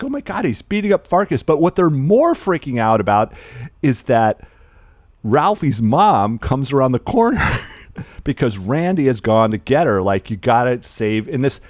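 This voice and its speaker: A man co-hosting a podcast, retelling film scenes in an animated, laughing way. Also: medium pitch, no room sound. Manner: animated storyteller, laughs often, acts out film lines. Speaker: podcast co-host. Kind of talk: casual film discussion.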